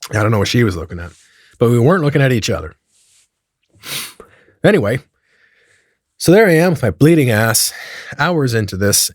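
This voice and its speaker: A man telling a comedic story in a profane, animated way, acting out the dialogue as he goes. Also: lowish voice, no room sound, clean studio sound.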